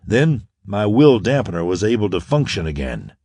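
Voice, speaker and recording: A man voicing a bold young space hero who talks calmly, grimly and with confidence. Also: lowish voice, moderate pace, breathy edge, no echo, clean studio sound. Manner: calm, grim and confident.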